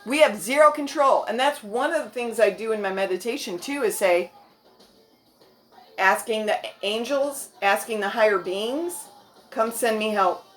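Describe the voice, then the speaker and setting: A woman's voice: on the high side, normal speed, soft background music. A woman in her fifties giving a motivational vlog talk to her viewers, earnest and frank with casual language. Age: 50s. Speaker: vlogger.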